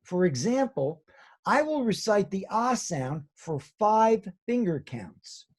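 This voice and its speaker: A man teaching a children's drama lesson, giving slow, soothing guided instructions. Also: sits high, big pitch swings.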